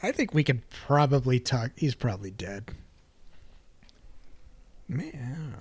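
A laid-back man talks through a movie scene by scene on a casual podcast, dropping jokey asides as he goes. His voice sits at an ordinary middle pitch. The sound is dry and close, with no room around it. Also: sing-song, takes it slowly, darkish tone, slightly rough, no echo. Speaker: podcast host.

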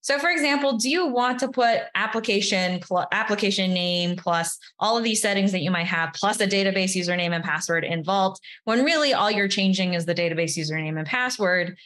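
A woman's voice: mid-range voice, brisk, hardly any pauses, a bit bright. A woman, a developer advocate guest, explaining step by step in casual interview talk, often adding "you know" and "right".

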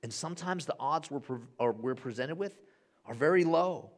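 A man in his thirties, a pastor preaching a sermon with animated storytelling that swings between hushed and loud. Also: fairly high pitch, moderate pace. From Honduras.

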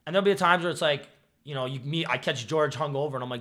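A man's voice: fairly high pitch, quick pace. A young man co-hosting a podcast, joking around and playing out both sides of an argument with a friend. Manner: relaxed, joking, acts out friend's lines. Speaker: podcast co-host. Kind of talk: casual storytelling chat.

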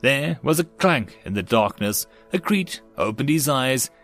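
A man's voice: medium pitch, expressive, measured pace, fairly bright tone, faint music behind. Man narrating a sci-fi audiobook.

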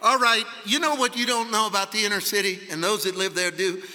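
A man preaching a sermon at a conference, telling a story emphatically and rising to shouts. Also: high-pitched, brisk. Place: large conference hall. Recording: long hall reverb.

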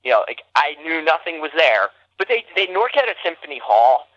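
A man's voice: fairly quick, no room sound, dull audio. A man from New Jersey, a podcast guest, telling a story in casual conversation and acting out the quotes with big swings in his voice. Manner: animated, acts out quotes with big jumps in pitch.

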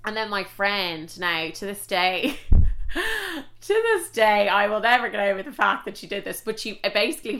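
A young woman with an Irish accent telling a personal story in a chatty, animated way, full of fillers and swearing. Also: on the low side. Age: young adult. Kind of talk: casual storytime vlog.

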